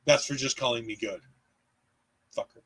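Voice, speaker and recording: A man co-hosting a casual wrestling recap, talking in an animated way with jokes, swearing and quick asides. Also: mid-range voice, slightly rough, poor audio. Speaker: podcast co-host.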